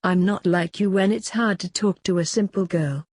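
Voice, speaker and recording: A woman voicing a bossy, sharp-tongued teenage little sister. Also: on the low side, moderate pace, no room sound, clean studio sound, close to an everyday voice. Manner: bossy, snappy.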